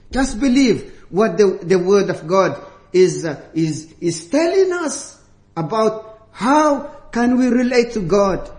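A man preaching a sermon, slow and deliberate, stressing key words with rising emphasis. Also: high-pitched. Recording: echoey room.

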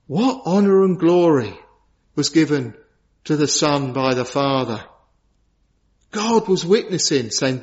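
A man preaching a sermon with fervent, emphatic delivery, slowing down to stress key declarations. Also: fairly high pitch, lively intonation, darkish tone. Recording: dull lo-fi church recording.

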